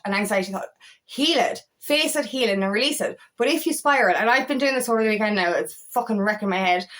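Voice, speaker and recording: A woman's voice: fairly high pitch, a bit bright. A woman coach talking casually to camera, emphatic and swearing freely, with exasperated outbursts. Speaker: feminine empowerment coach.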